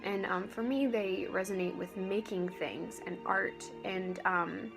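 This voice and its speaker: A young woman vlogging casually to camera, halting and full of restarts and fillers, with dry sarcastic asides. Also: medium pitch, gravelly, music in the background, rough recording. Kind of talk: casual vlog talk to camera.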